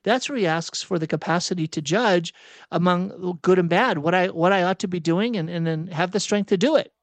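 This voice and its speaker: A man preaching a sermon, reflective and halting, often restarting and correcting himself mid-sentence. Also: high-pitched, dry recording.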